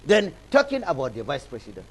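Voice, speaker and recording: Impassioned Nigerian man, lively pitch. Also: fast, slightly rough, poor audio. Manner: impassioned, rhetorical, piles up repeated phrases. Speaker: political analyst guest. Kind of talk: animated studio talk show commentary. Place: television studio.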